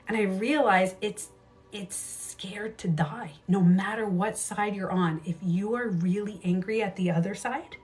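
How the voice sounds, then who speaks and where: A woman in her thirties hosting a casual livestream, telling her own stories candidly, swearing freely and jumping into quick asides. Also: medium pitch. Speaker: beauty coach livestream host.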